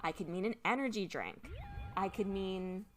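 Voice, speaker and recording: A woman's voice: mid-range voice, lively intonation, moderate pace, soft background music. A young woman hosting a casual game playthrough, chatty and thinking aloud as she looks words up at her computer. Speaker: let's play host. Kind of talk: casual game commentary, explaining Japanese words.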